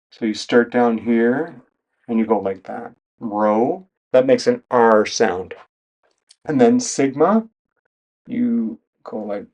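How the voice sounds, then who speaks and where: A male teacher explains things at the whiteboard one step at a time and recites the letters in order. His pace is unhurried, with plenty of room between phrases. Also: mid-range voice, a little mellow. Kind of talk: whiteboard lesson.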